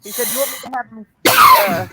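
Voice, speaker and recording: A woman's voice: sits high, huge pitch swings, fast talker, very noisy. A middle-aged woman, chatting casually and laughing often while she crochets and counts stitches aloud on her channel.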